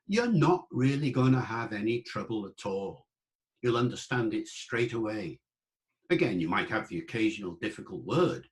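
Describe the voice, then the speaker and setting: A man lecturing on the English language in an online talk, explaining in a conversational way and sounding out old pronunciations. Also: mid-range voice. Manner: explanatory and conversational, with asides to the listener; demonstrates old pronunciations aloud.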